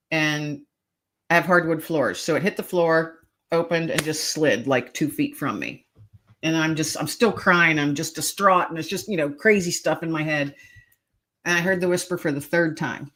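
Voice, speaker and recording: A woman's voice: low voice, moderate pace, fairly bright tone. A middle-aged woman, a podcast guest, telling a personal story earnestly and emotionally, with hesitant restarts.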